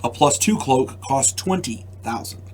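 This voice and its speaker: An older man hosting his own channel, explaining a game rule to camera in a casual, halting way, often repeating words and adding wry asides. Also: mid-range voice, animated, a little hiss or hum. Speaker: channel host.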